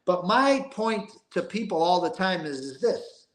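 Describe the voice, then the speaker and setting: Older guy, street-wise and emphatic, higher-pitched voice, recorded in a roomy space. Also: lively intonation, unhurried, fairly bright tone. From East Boston. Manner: emphatic, rambling, street-talking, profane. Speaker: guest. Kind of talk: casual interview storytelling.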